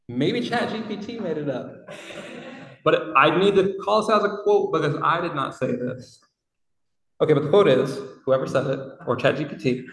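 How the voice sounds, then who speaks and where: A man's voice: on the high side, lively intonation, moderate pace, a bit bright. A man preaching a sermon in a reflective, conversational way, with casual asides. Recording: roomy hall from far off.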